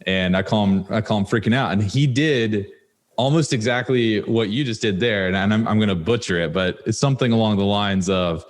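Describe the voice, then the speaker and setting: A young man hosting a podcast, telling a personal story in a relaxed, animated way. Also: lowish voice, moderate pace. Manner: animated storytelling with laughs and quoted exchanges. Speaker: podcast host. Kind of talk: casual interview chat.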